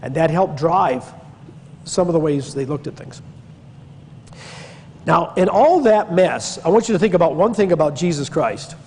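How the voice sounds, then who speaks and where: A man's voice: on the high side, expressive, moderate pace, pauses often, a little mellow, in a large hall, slight background noise. A man from Pennsylvania teaching church history in a conversational lecture, digressing and stressing key words. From Pennsylvania, USA. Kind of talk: classroom-style Bible lecture.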